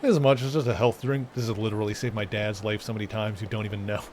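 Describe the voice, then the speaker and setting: A man streaming a video game, chatting casually and explaining things at length with lots of fillers and restarts. He sounds relaxed and conversational, talking as he plays. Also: on the low side, fast, a little hiss or hum. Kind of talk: casual let's-play commentary.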